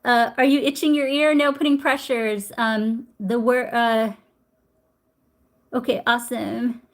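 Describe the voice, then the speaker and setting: A woman's voice: fairly high pitch, fairly even intonation, a little slow. Chatty woman teaching acupressure live. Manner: warm, chatty, reads viewer comments aloud. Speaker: acupressure instructor. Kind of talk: live-streamed health lesson.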